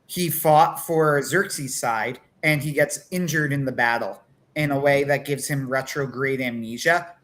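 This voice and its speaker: A man co-hosting a casual livestream talk, animated, acting out quotes between many fillers. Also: medium pitch, unhurried. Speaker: podcast co-host.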